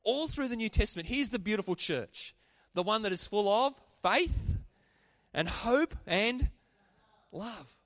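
A man preaching a sermon, animated and calling out to the congregation for responses. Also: high voice, measured pace, dry recording, clean studio sound. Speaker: pastor.

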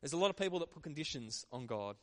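A man preaching a sermon in a lively, conversational way. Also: fairly high pitch, fast. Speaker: pastor.

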